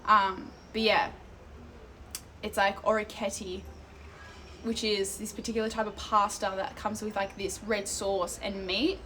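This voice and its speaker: A young Australian woman, unhurried and level in tone, speaks in a mid-range, slightly bright voice over slight background noise. She's strolling outdoors in an Italian town, talking into an outstretched phone to her stream chat, easily sidetracked and swearing freely.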